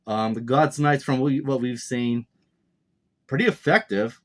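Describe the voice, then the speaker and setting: A man's voice: medium pitch, unhurried, a bit bright. A man casually reviewing a comic chapter, rambling and speculating aloud with many fillers and restarts. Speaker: manga reviewer. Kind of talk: casual commentary.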